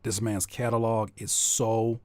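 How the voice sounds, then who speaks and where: A man's voice: on the low side, level tone, a little slow, dark tone, no echo. Lol just a chill young guy rapping about beats, slangy and jokey, dry mic. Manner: loose, slangy, playful, often laughs. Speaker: rapper and music producer. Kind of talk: casual chat while making a beat live.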